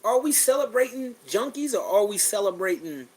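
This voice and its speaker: A middle-aged man with a fairly high-pitched voice talks bluntly into his podcast mic. He swears freely and circles back on his own phrases as his feeling rises and falls. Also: big pitch swings, normal speed, a little hiss or hum, rough recording. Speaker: podcast host. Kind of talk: blunt personal monologue.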